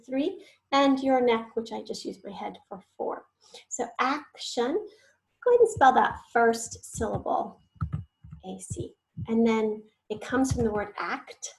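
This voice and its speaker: A woman's voice: a little high, darkish tone, poor audio. A woman teacher giving an online spelling lesson, patiently sounding out words syllable by syllable and sometimes whispering the letters.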